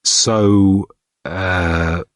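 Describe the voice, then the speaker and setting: A man doing a quiet, wry detective. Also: mid-range voice, lively intonation, takes it slowly, no room sound, clean studio sound. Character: wry, patient male detective, quietly puzzled.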